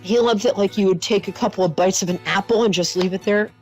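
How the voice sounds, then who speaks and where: A woman's voice: medium pitch, fast talker, a little mellow, faint music behind, low-quality recording. A middle-aged woman hosting a call-in psychic reading, talking earnestly and reassuringly with endearments and open emotion. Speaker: psychic host. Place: studio.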